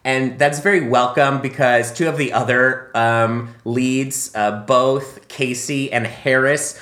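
A man's voice: medium pitch, steady tone, takes it slowly, a bit bright, reverberant. A man co-hosting a casual film review chat, chatty and laughing often, with many ums. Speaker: podcast co-host.

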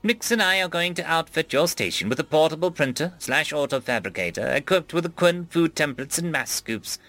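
A man voicing a calm, formal male AI ship core with flat, precise phrasing. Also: on the high side, a little fast, no room sound, soft background music, pitched above the performer's own voice. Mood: measured.

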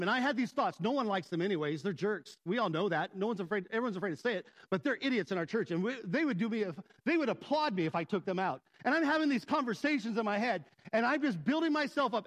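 A middle-aged male pastor gives a storytelling sermon in a fairly high, light voice. He is animated and acts out the voices of the people in his story. His inner dialogue gets the same lively treatment.

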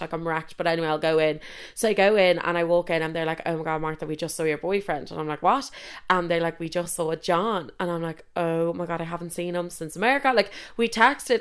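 Young woman, Irish accent, casual storyteller, sweary, chatty, lowish voice. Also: a bit bright, smooth. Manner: chatty, swears a lot, constant "like".

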